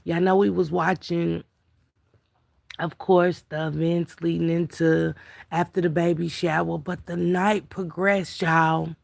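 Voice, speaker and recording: A woman's voice: on the low side, flat delivery, measured pace, gravelly. A tired woman hosting a casual live stream, chatting about celebrity gossip and greeting viewers in chat. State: tired, yawning. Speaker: livestream commentator.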